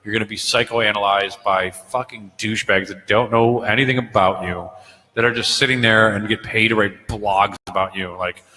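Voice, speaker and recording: Man, podcast co-host, casual profane chat, bright sharp tone, long hall echo. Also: on the low side, normal speed. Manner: profane, rambling, animated.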